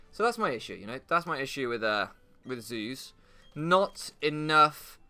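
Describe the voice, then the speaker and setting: British lets-play guy, young, crude sarcastic rambling, sharp bright tone, lively pitch, game music behind. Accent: British English. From England. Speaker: gaming commentator. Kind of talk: rambling commentary over gameplay.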